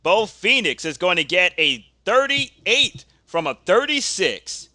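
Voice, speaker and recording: Speaking slowly in a high-sitting voice, a man hosts a tabletop wrestling dice game in a casual way, announcing dice results and narrating the action. He gets excited during the big moments. The studio sound is clean, with no echo.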